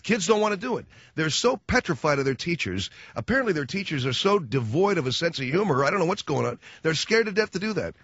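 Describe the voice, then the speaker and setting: A man's voice: on the high side, sing-song, fast, few pauses, a bit bright, no echo. Guy doing a jokey radio talk show, voice all over the place, dry dull studio sound. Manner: rambling, wisecracking, acts out little scenes. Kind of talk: comic radio monologue.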